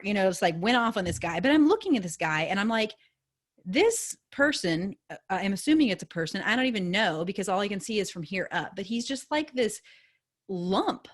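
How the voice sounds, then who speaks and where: A woman in her thirties, a podcast host, telling a story in a casual, animated way, swearing freely and acting out the dialogue. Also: mid-range voice, fast talker.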